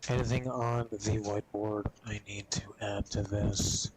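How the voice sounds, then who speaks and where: A man streaming games, chatting casually and rambling with a lot of swearing, coughing and clearing his throat often. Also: lowish voice, flat delivery, unhurried, a little mellow, low-quality recording. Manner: profane, rambling, laid-back. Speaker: gaming streamer.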